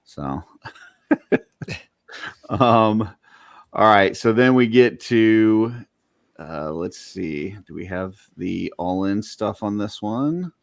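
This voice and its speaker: A man with a very deep voice talks casually as a podcast co-host. He rambles through long lists full of fillers and restarts. His mic sounds close and dry, with no room around it. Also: animated, very slow, vocal fry, long pauses, no room sound. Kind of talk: casual chat about collectible toys.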